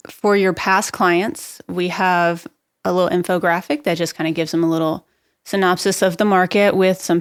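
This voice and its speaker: A woman speaking as a guest expert on a real estate podcast. She gives practical marketing advice in a brisk, upbeat way. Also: on the low side, no echo, clean studio sound. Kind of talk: podcast interview, explaining marketing tips.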